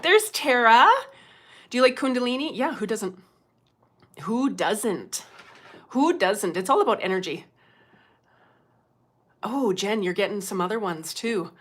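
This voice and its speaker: A middle-aged woman, hosting a casual livestream as a medium, chatty and quick to laugh, greeting viewers by name. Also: medium pitch, animated.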